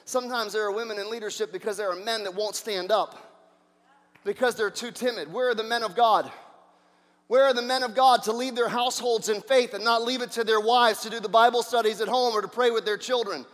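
A male pastor preaching a sermon, energetic, throwing out rhetorical questions and swinging between loud and soft. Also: high voice, fairly quick, long reverb tail.

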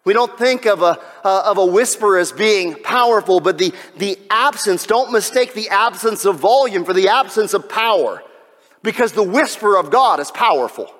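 A man delivering a sermon, swinging between loud exhortation and hushed, almost whispered passages. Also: high voice, animated, moderate pace. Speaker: pastor. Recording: long reverb of a large hall.

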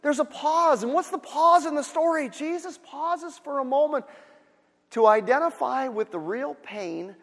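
A man's voice: extremely high pitch, unhurried, a bit bright. A male pastor giving a sermon with emphatic, repetitive preaching. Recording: long hall reverb.

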